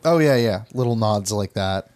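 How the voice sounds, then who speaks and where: A man's voice: fairly low pitch, lively intonation, moderate pace, darkish tone, no echo. Male co-host, dry and wry, casual chat. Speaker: podcast co-host.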